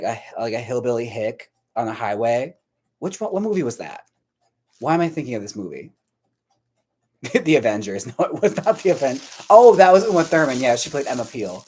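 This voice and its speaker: A man with a medium-pitched, slightly mellow voice hosts a livestream, painting dolls while chatting casually with his viewers. He's talkative and profane, laughs frequently, and rambles as he tries aloud to remember things.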